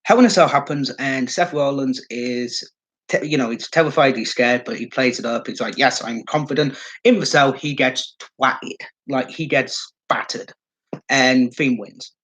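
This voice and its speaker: A man's voice: medium pitch, unhurried, a bit bright, rough recording. A man giving casual solo commentary as a wrestling fan vlogger, rambling and swearing, with lots of fillers.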